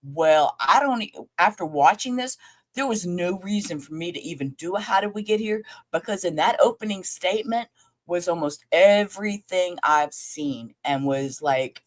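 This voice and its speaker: Woman host, livestream commentary: low, loose, off-the-cuff, swears in passing. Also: normal speed. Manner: rambling, chatty, talks straight to viewers, casual swearing. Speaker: livestream host reviewing a trial.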